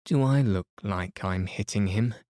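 A man's voice: on the low side, unhurried, warm tone, no room sound, studio quality, natural voice. A man voicing a grim, scornful boy who has grown to giant size in a storybook reading.

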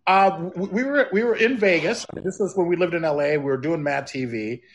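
A male guest chatting casually, telling stories with frequent restarts and stumbles. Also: on the high side. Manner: halting, many restarts when telling stories. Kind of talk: casual chat.

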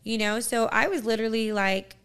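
A woman with a somewhat high voice tells a personal faith story on a podcast. She talks casually and earnestly, full of fillers like "like" and "you know". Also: fairly quick, a bit bright, clear, resonant tone. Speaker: podcast guest.

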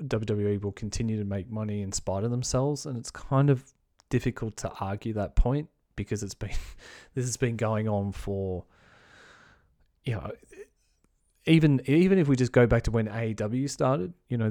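A man's voice: lowish voice, moderate pace, darkish tone. A man hosting a podcast, giving blunt, rambling opinions with frequent swearing and restarts. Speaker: podcast host. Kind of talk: casual opinion commentary.

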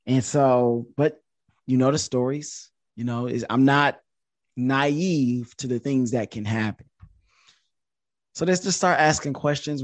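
A man in his thirties, a podcast guest, telling a story in a casual, animated way and jumping up in pitch when he quotes himself. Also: unhurried, no echo. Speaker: podcast guest, social media influencer.

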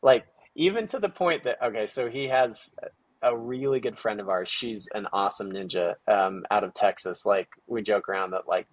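A man's voice: lowish voice, moderate pace, dry recording. A middle-aged man, a guest on an interview show, telling a story casually and animatedly, acting out quotes, with many fillers. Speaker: guest, entrepreneur and parent.

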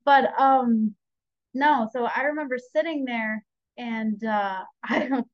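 A young woman telling her own story as a podcast guest, chatty and animated, acting out what she and others said. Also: fairly high pitch, slow pace, no room sound. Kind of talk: candid personal storytelling. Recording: slightly dull lo-fi audio.

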